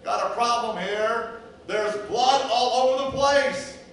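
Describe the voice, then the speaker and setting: A man's voice: slow, a bit bright, a little hiss or hum, exaggerated voice. A wounded sheep screams for help in a strained, raised voice, as a preaching man acts it out. The cry rings through a very echoey church sanctuary, and the voice sounds distant from the microphone. It is frantic and pleading. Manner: frantic high-pitched pleading cries.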